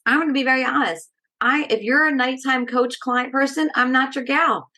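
Energetic woman, stress educator. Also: high-pitched, normal speed. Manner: energetic and direct, keeps asking "right?". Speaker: stress management educator, podcast guest. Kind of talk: casual interview chat.

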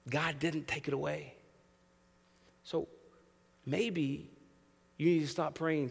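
A man in his thirties, a pastor preaching a sermon in a church sanctuary, animated, swinging between hushed and loud and acting out voices as he talks. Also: fairly high pitch, takes it slowly, gravelly, long pauses, breathy edge, long reverb tail.

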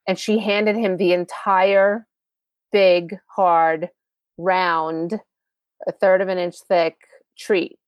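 A woman's voice: fairly low pitch, no echo. Chatty woman podcast host, dry sound. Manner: chatty, conversational, asides to the listener. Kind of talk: storytelling podcast monologue.

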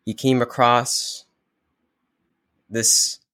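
A man's voice: medium pitch, level tone, very slow, sharp tone, no echo, clean studio sound. A man as a podcast guest in a casual spiritual conversation, laid-back and often searching for words.

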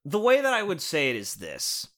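A man co-hosting a casual podcast, reviewing a show in an animated, sarcastic rant with lots of swearing and restarts. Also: on the high side, moderate pace.

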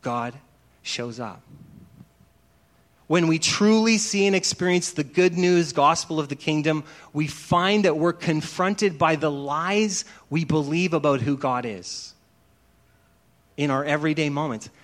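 A man's voice: fairly high pitch, a little slow. A man who is a pastor, giving a conversational sermon and telling stories that act out dialogue. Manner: chatty storytelling, acts out dialogue.

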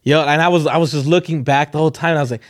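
Young guy on a podcast, fairly high voice, tells it animated and laughing. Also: rapid-fire. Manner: animated, laughing, acts out quotes in a higher voice. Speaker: podcast co-host. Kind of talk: casual storytelling chat.

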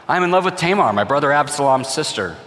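A man's voice: on the high side, lively intonation, fast, a bit bright, voice pushed up. Man doing a cruel, demanding young prince. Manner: demanding, commanding tone. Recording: long hall reverb.

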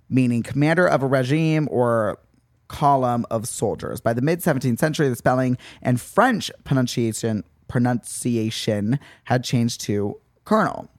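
Animated young man chatting on a podcast. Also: mid-range voice, no room sound, clean studio sound. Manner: animated, dramatic, exaggerated outbursts. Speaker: podcast host. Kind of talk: casual chat. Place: Venice, California.

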